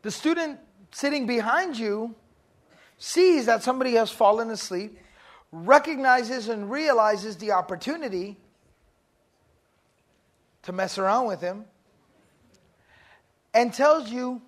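A man's voice: very high voice, animated, slow, pauses often. Casual, storytelling man teaching a class. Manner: casual, asks the audience questions, acts out stories. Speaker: religious teacher. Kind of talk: Islamic lecture to a class.

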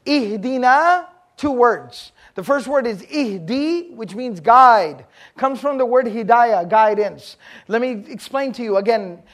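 A man from Texas with a Texan accent, lecturing a class on Quranic Arabic terms in a joking, lively way that quizzes his listeners. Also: very high-pitched, measured pace. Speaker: Islamic studies teacher.

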